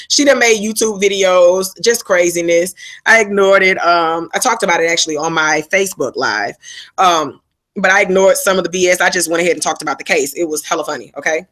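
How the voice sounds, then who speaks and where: A woman's voice: on the low side, a bit bright. A woman hosting her own live stream, telling a story in a chatty, slangy way and breaking off to answer her viewers. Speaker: livestream host. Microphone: phone and laptop setup.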